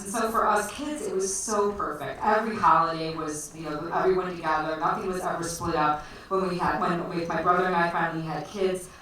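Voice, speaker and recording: A woman's voice: on the low side, a bit bright. A woman from the Chicago area telling a personal story on stage at a storytelling night, chatty and laughing often, with lots of fillers. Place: storytelling night at a bar venue. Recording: echoey live room, distant mic, faint noise.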